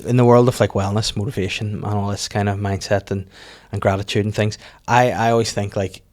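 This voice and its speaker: A man hosting a comedy podcast in casual chat. His voice sits a little low. He rambles through his stories with frequent restarts and plays out the quotes. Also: level tone, brisk, darkish tone.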